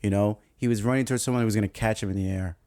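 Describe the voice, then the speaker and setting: Low-voiced profane New York podcaster. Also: male voice, rapid-fire, no room sound. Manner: profane, animated, laughs a lot. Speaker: podcast host. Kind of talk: casual storytelling monologue.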